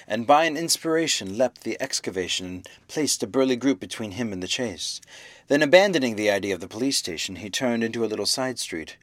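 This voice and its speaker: A man reading a classic novel aloud, with measured, dramatic storytelling. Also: mid-range voice, no room sound. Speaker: audiobook narrator. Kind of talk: scripted narration of a classic novel.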